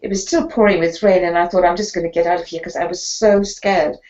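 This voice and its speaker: An older woman sits as a guest and tells stories from her career as a sports photographer. She speaks in an animated way, slipping into the voices of the people she quotes. The audio is slightly dull and muffled. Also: on the low side, fast talker. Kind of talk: storytelling interview.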